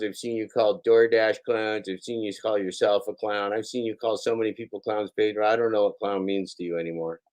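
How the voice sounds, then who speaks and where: A man hosting a live stream, reading out and answering chat comments in a sarcastic, mocking way. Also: medium pitch.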